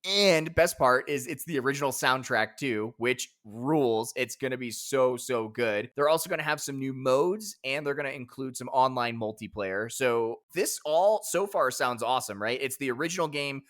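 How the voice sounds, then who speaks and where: Bright-voiced excited podcast host. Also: male voice, medium pitch, normal speed, few pauses. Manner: enthusiastic, excitable. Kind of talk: casual chat.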